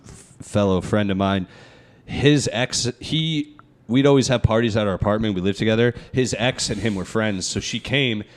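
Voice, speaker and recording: A man's voice: fairly low pitch, normal speed. A young man hosting a podcast, telling loose, profane stories and laughing at his own jokes. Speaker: podcast host. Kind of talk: casual podcast chat.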